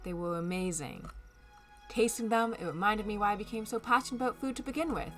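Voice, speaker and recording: A woman voicing an earnest older male chef who speaks gently and sentimentally, read aloud from a dating game. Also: medium pitch, lively intonation, fairly quick, soft background music. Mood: tender.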